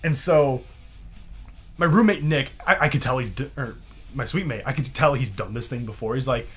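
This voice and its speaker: A man's voice: mid-range voice, normal speed, slightly rough. A young man on a podcast, casually telling a long story, acting out what people said and laughing often. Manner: animated, acts out quotes in other voices, laughs often. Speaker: podcast co-host.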